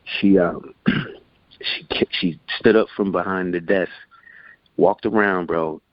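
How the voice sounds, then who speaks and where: Man, 40s, interview guest; deep voice, animated raconteur, dull lo-fi recording. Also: takes it slowly, dry recording. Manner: animated, acts out quotes in voices. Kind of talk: casual storytelling. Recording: dull lo-fi sound.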